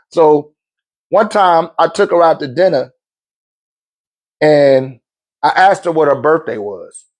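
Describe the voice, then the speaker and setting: A middle-aged man in a laid-back, slangy storytelling monologue, chuckling often. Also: fairly high pitch. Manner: laid-back slang, frequent chuckles, acts out quoted voices. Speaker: spiritual talk show host.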